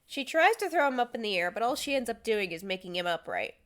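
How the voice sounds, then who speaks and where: A woman running a tabletop game as game master, narrating in a brisk, blunt, teasing way. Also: fairly high pitch, sing-song, fairly bright tone.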